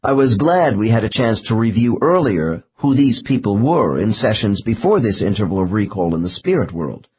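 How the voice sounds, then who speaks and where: A man narrating an audiobook in a measured, slow reading of case transcripts. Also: lowish voice, very animated, slightly rough, muffled recording. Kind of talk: scripted narration.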